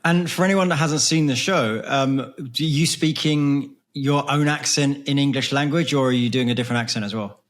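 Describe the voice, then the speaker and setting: A man hosting an interview, asking curious questions in a relaxed, conversational way. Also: mid-range voice, moderate pace, hardly any pauses. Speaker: podcast host. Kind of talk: casual interview.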